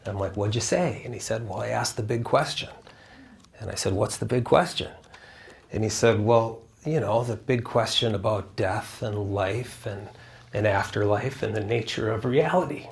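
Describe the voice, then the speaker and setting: A man's voice: lowish voice, moderate pace, gravelly, a little hiss or hum. A man telling a personal story to a live audience, earnest, acting out dialogue and asking the crowd questions, at times choked up. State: choked up, near tears. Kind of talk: storytelling talk with a spiritual message.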